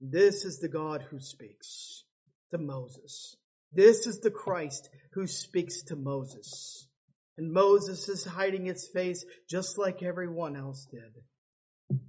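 A male preacher with a high voice delivers a sermon slowly and deliberately. He swings between loud, pleading cries and low, hushed passages. The recording sounds a little dull and lo-fi. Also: slightly rough.

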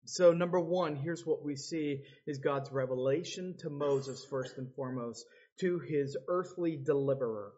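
A man preaches slowly and deliberately, his voice somewhat husky and pitched a little high. He acts out the words of biblical figures with dramatic swings. The recording sounds dull and lo-fi. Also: dark tone. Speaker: pastor. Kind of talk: sermon.

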